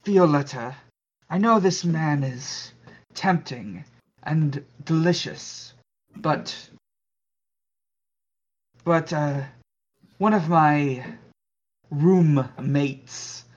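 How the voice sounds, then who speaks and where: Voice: medium pitch, drawn-out words, long pauses, lo-fi sound, pitched below the performer's own voice. A player voicing an awkward, stiffly polite male roommate in a tabletop game.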